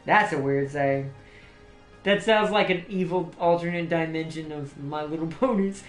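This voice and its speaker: A man's voice: fairly high pitch, moderate pace. A man hosting a livestream, chatting casually and laughing often, rambling with restarts. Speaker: livestream host. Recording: roomy echo, faint music behind.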